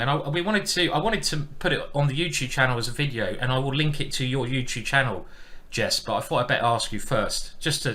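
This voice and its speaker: A man's voice: mid-range voice, bright, forceful tone. A man giving chatty live-stream commentary on his own chess game, thinking aloud and poking fun at himself.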